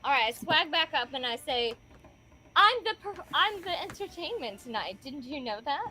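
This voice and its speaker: A woman's voice: high-pitched, very animated, normal speed, bright, forceful tone, exaggerated voice. A woman voicing a vain celebrity bard, boastful, theatrical and flirtatious.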